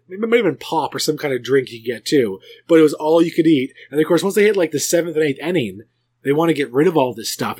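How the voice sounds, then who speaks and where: A man with a slightly high voice, rambling through a story with lots of restarts and sudden jumps in pitch. He hosts a relaxed podcast chat. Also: husky. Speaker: podcast host. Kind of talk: casual chat.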